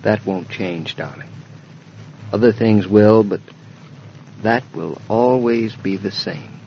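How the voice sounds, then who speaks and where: An actor in 1940s radio acting, playing a gently teasing young husband who speaks in a dry, wry, soothing way. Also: male voice, on the low side, slow, slight background noise. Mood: tender. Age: young adult. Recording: dull old radio transcription.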